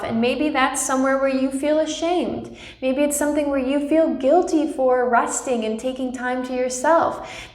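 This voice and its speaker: A young woman hosting a spiritual channel, speaking gently and reassuringly to her viewers and often checking in with "right?". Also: high voice, roomy sound. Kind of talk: personal spiritual talk to viewers.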